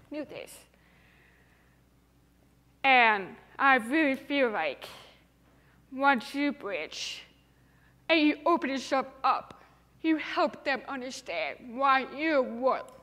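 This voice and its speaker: Bright, high young woman with a deaf speaker's accent. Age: young adult. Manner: earnest, emphatic. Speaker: TEDx speaker. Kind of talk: inspirational talk. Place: large hall. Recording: reverberant hall.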